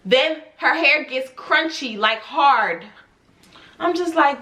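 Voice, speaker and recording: A young woman tells a storytime vlog to her camera, exasperated and animated. Her voice sits high and sounds bright and clear. She keeps firing off rhetorical questions about a client. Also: slow pace. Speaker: hairstylist and vlogger.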